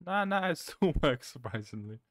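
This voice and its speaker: A man streaming a cooking game, chatting casually, swearing and suddenly shouting. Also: on the high side, big pitch swings, normal speed, no room sound, studio quality. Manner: chaotic, swears, bursts of shouting. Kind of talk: casual gameplay chat.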